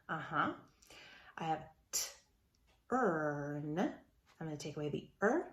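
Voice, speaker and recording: Female teacher, low gravelly voice, patient phonics lesson for kids, roomy echo. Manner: slow, sounds out words, encouraging. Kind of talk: remote phonics lesson for young children.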